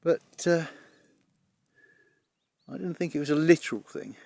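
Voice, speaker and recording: A middle-aged man films himself on a hillside walk, talking in a rambling, chatty way with dry little jokes. He is a bit out of breath and his voice sits slightly high for a man. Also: lively intonation, a little slow, gravelly, darkish tone, no echo. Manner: rambling, chatty, dry humour, swears mildly. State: out of breath from climbing. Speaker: travel vlogger. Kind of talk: casual walking vlog. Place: outdoors on a hillside near water.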